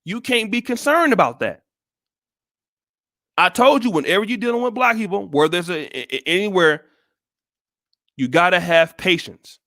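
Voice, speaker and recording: A man's voice: high-pitched, expressive, normal speed, pauses often, sharp tone, no room sound, studio quality. An American man giving blunt, profane commentary on a live stream, with many restarts. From United States. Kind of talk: casual livestream commentary.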